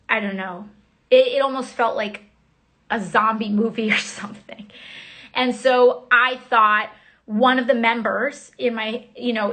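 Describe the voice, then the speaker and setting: A woman with a somewhat high voice talks into her phone on a casual livestream. She recounts events in rushed, halting bursts, full of fillers and restarts. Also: a bit bright. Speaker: member of Congress.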